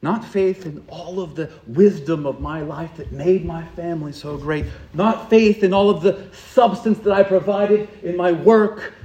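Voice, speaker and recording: Male pastor preaching, pretty high voice, repeats himself for effect, goes soft then loud, echoey church room. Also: a little slow, few pauses. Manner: impassioned preaching with rhetorical repetition, swinging from hushed to loud. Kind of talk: sermon.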